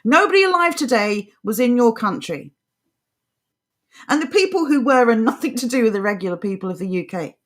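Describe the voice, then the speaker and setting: Fiery woman, high voice. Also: expressive, fairly quick. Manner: impassioned, ranting delivery. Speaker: co-host. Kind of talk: live political talk show.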